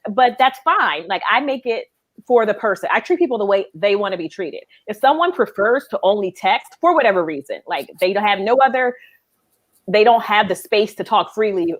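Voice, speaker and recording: A woman in recruiting talking in a casual chat on a video call, direct and opinionated and quick to push back. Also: medium pitch, very animated.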